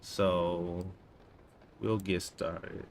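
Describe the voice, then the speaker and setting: A man in his thirties casually chatting to himself and his viewers while coding, relaxed and slangy. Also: low voice, a little hiss or hum. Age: 30s. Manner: laid-back, talks to himself, drawn-out slangy asides. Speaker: coding streamer. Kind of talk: casual live-stream chat while coding.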